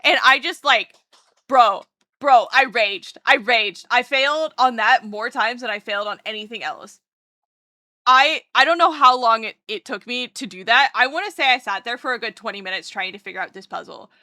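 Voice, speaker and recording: A bubbly woman streamer greets her chat over and over and rambles happily, full of fillers. Her voice is bright and a little high. It sounds dry and close, from a desk mic at home. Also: a little fast, no room sound. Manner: bubbly, excitable, greets chat with repeated hellos; chatty and rambling, lots of "like" and "um". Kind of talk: casual live-stream chat.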